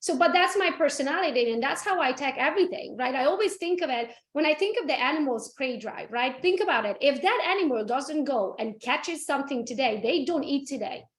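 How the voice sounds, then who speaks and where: A blunt, energetic woman talks through a real estate training. Her voice is high and bright, and she swears without holding back. The sound rings with the echo of a bare room. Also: a little fast, hardly any pauses. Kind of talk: casual training talk.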